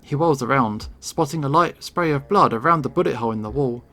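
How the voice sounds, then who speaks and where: A man's voice: mid-range voice, fairly quick, sharp tone. A man reading a visual novel aloud in first person, with dramatic expression. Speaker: game reader.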